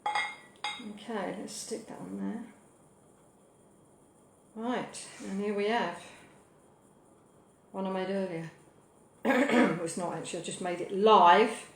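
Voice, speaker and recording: A British woman hosting a live cooking show from her kitchen, rambling cheerfully with cheeky asides and loud whoops. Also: medium pitch, slow, vocal fry, long pauses, slight background noise. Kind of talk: chatty live cooking stream. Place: home kitchen. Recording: echoey kitchen with clattering dishes.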